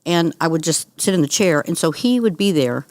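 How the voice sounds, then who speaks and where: A woman's voice: lowish voice, lively intonation, moderate pace, dry recording. Earnest woman telling her story. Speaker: guest, cancer survivor. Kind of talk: conversational interview.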